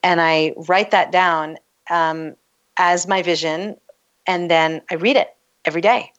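A woman coach explaining her methods in a relaxed, conversational way, laughing often. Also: fairly low pitch, unhurried, dull audio. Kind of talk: casual conversation.

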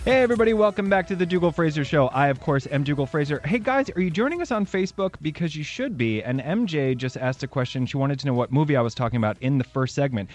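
A man's voice: a little high, expressive, quick pace, hardly any pauses. A man hosting a call-in radio show and giving psychic readings, chatty and upbeat, laughing easily. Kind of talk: casual call-in radio talk.

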